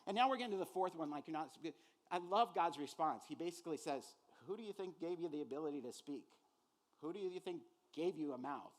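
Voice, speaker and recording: A pastor preaches with an animated, conversational delivery, full of filler words and acted-out quoted voices. His pitch is fairly high.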